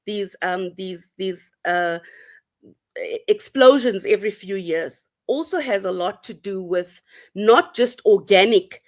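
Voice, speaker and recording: A woman speaking as a panelist, thoughtful and halting, with many pauses and restarts. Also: medium pitch, animated. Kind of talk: online panel discussion.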